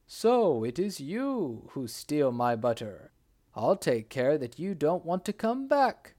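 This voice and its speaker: A man voicing a rash, hot-tempered male purveyor who shouts and confesses dramatically. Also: fairly high pitch, sing-song, takes it slowly. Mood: angry.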